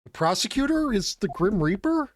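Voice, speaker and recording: A man's voice: high voice, sing-song, moderate pace, slight background noise. A man voicing an earnest young male law student who talks hesitantly and politely, reading game dialogue.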